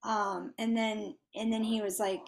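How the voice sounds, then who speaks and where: A woman's voice: medium pitch, level tone, a little slow, creaky. A woman hosting a casual faith conversation, chatty, with many fillers and restarts. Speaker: podcast host.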